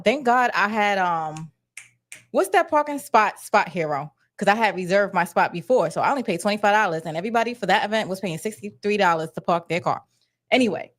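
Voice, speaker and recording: A woman hosting a casual celebrity gossip vlog, blunt, slangy and sassy, talking straight to her viewers. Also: mid-range voice. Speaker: gossip vlogger.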